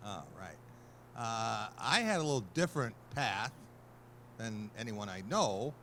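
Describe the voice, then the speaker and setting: A man's voice: lowish voice, big pitch swings, a little slow, sharp tone, slight background noise. A male sportswriter on a panel, telling a wry anecdote and acting out the people in it. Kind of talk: panel talk, storytelling.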